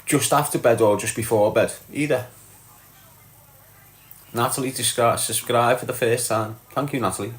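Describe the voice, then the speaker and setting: A man's voice: mid-range voice, fairly even intonation, moderate pace, pauses often, roomy sound. A man with a Scouse accent from Liverpool, hosting a live stream and chatting bluntly to viewers, reading out comments and swearing freely. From Liverpool, England. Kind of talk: casual live chat.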